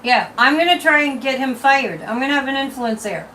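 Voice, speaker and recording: Reading viewer comments and pulling tarot cards, a woman hosts a psychic livestream in a brisk, casual, opinionated chat full of lively shifts in pitch and volume. The mic sits at a distance and picks up faint room noise.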